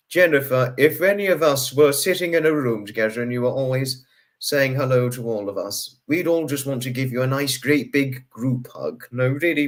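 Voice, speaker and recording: Hosting a livestream, a man keeps saying hello to viewers over and over in an effusive greeting, his pitch swinging sharply up and down.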